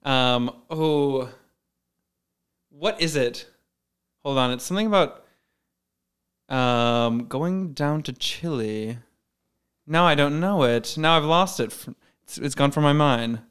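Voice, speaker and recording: A man's voice: fairly high pitch, expressive, slow pace, long pauses, a bit bright, clear, resonant tone. A man co-hosting a podcast, chatting casually and playfully, often laughing and trying out posh accents. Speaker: podcast co-host. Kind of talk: casual chat.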